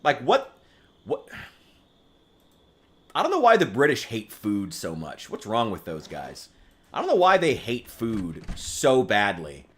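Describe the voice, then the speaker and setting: A man's voice: mid-range voice, wildly swooping pitch, a little slow, pauses often, fairly bright tone. A man from the United States chatting casually while streaming a game, rambling and swearing with a wry edge. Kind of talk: casual gaming stream chat.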